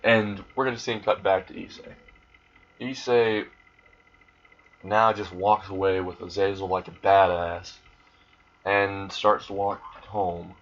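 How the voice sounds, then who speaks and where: A low-voiced man rambles through an improvised fan story, crude and deadpan, with plenty of restarts. The recording is dull and lo-fi, like a cheap home microphone. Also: takes it slowly, pauses often.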